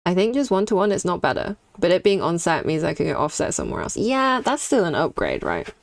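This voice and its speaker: A woman's voice: on the low side, big pitch swings, fast, dry recording. A young woman streaming while she draws, chatting candidly and reacting to her chat. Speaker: streaming artist.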